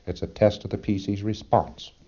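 Male lecturer, low and dark, folksy and emphatic with rhetorical asides, muffled old tape sound. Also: level tone, moderate pace. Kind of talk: lecture to trainees.

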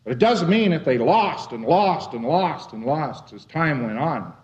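A man's voice: fairly high pitch, expressive, measured pace. A man giving a lecture in a folksy, wry, rambling way. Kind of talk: lecture to a live audience. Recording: dull lo-fi old lecture tape.

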